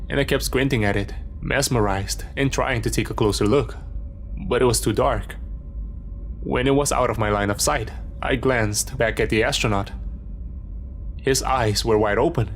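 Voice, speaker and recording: A man reading a horror story in a steady, measured scripted narration. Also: medium pitch, slight background noise.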